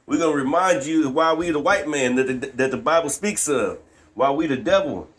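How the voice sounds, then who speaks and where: A man with a rather high voice and fairly bright tone reads scripture at a normal speed, commenting with increasing fervor. Preachy and quick to laugh, he tends to end lines with "man."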